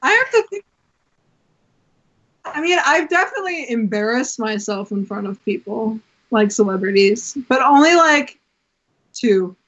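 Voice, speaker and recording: A young woman, a guest on a podcast, telling excited stories and laughing often. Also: fairly high pitch, unhurried, pauses often. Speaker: guest performer. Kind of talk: casual interview chat. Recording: dull lo-fi audio.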